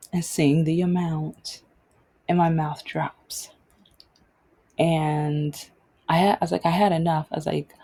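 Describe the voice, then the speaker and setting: Rich: A woman with a low, warm, husky voice chatting through a personal story on her vlog. She rambles and restarts her sentences as she goes, in a loose, conversational way. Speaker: vlog host.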